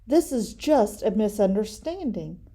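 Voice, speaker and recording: A woman reads a calm mother bear from a picture book. She is soothing and unhurried, with a mellow, warm tone. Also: medium pitch.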